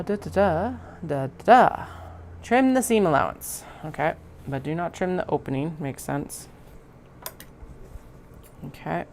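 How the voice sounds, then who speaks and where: A woman with a low voice and a gravelly fry narrates her sewing in a relaxed, chatty way. She murmurs to herself between steps. A faint hiss sits behind her. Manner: chatty, self-talking while working. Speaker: crafter sewing on stream. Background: sewing machine running.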